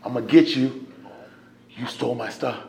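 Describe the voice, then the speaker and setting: A man telling a personal testimony to a live audience as an animated storyteller. His delivery swings from loud excitement to hushed near-whispers. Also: mid-range voice, normal speed, vocal fry, slight background noise. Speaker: speaker sharing his recovery story. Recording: echoey room.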